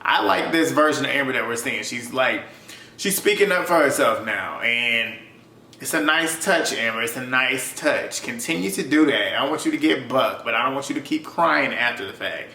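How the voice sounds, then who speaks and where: Young guy recapping reality tv, bright voice, laughs a lot, echoey room w/ faint hum. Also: medium pitch, moderate pace, vocal fry. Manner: animated, laughs often, swears freely. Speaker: YouTube reality TV reviewer. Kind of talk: casual recap commentary.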